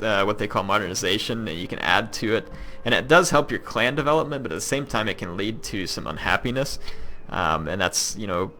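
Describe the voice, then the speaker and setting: A man's voice: on the low side, pushed and bright. Chatty Southern man narrating gameplay. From Kentucky. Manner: rambling, chatty, lots of ums and likes. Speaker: gaming YouTuber. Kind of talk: casual let's-play commentary.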